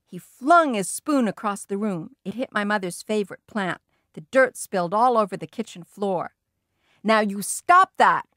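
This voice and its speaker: A woman's voice: mid-range voice, moderate pace, no echo, studio quality. Woman reading a children's story aloud. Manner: lively, expressive reading. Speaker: audiobook reader. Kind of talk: storybook narration.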